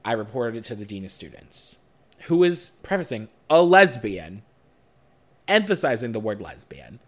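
A young man co-hosting a podcast, telling a personal story in a frank, animated way and swearing freely. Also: fairly low pitch, fairly quick. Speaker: podcast co-host.

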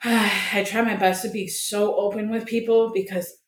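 Animated young woman telling her story. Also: medium pitch, moderate pace. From Colombia. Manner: animated, acts out quoted voices, swears freely. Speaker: podcast guest. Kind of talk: candid personal storytelling. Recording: echoey room with faint ambience.

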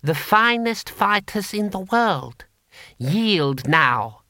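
Man doing a nervous high-pitched tax collector, slow and fretful, lively swings, dry close sound. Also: no echo, exaggerated voice. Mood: alarmed. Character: anxious fussy male tax gatherer.

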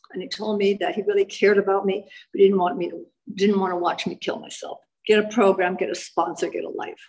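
A woman's voice: mid-range voice, a little mellow, rough recording. Woman, from Massachusetts, personal testimony, wry, self-mocking storyteller, speaking to an audience. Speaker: speaker sharing her recovery story. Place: in front of a live audience.

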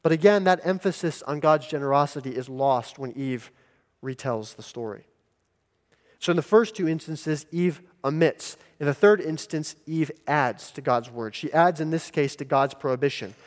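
A male pastor preaching a sermon in a deliberate, emphatic teaching manner. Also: fairly high pitch. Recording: long hall reverb.

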